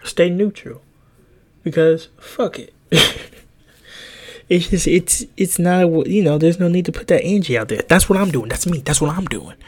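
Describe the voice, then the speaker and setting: A young adult man hosting a podcast, ranting casually in a rambling, profane way that jumps between pitches. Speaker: podcast host.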